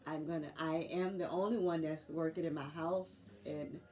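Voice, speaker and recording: A woman in her forties speaking in an earnest, halting video diary, pausing often as she talks. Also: deep voice, fairly even intonation, a little mellow. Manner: earnest, halting, faith-filled, with many pauses and fillers. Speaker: nurse sharing a health journey.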